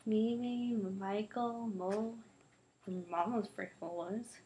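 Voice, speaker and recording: A woman reading a novel aloud, lively, shifting her voice for the children's quarrel. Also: medium pitch, slow pace, a little hiss or hum, poor audio. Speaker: reader.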